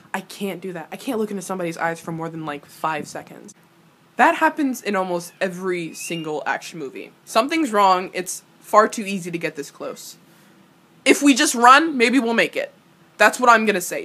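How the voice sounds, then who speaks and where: A woman's voice: mid-range voice, fairly bright tone. A young woman giving casual reaction commentary on a TV episode, ranting animatedly and swearing freely. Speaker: reaction video host.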